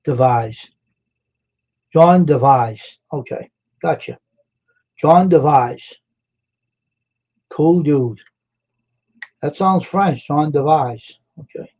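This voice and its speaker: A talkative man runs a casual live stream and reads out his viewers' names as he greets them and asks them questions. His voice sits a bit high and the sound is dull and lo-fi. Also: slow pace, long pauses, a little mellow, husky. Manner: chatty, greets and quizzes chat viewers by name.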